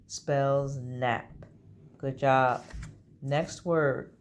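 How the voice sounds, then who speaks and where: A woman teaching a recorded early-grade reading lesson, slow and deliberate, encouraging the children. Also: extremely low pitch, lively intonation, darkish tone.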